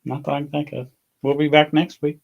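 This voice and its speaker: A man's voice: fairly high pitch, flat delivery, a little fast, vocal fry, highs cut off. A man co-hosting a craft show, chatting casually and answering in short, laid-back remarks. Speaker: wreath-making show co-host. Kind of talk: casual chat.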